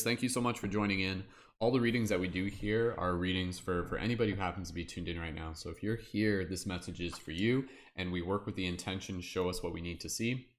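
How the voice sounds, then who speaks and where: A man's voice: deep voice, a little hiss or hum. A man hosting a live tarot-reading stream, talking casually and rambling with many fillers in an upbeat way.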